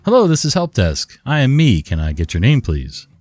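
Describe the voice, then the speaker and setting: A man's voice: mid-range voice, wildly swooping pitch, normal speed, a little mellow, no echo, faint music behind, pitched above the performer's own voice. A man voicing a patient, weary male help-desk worker with polite, scripted phrasing.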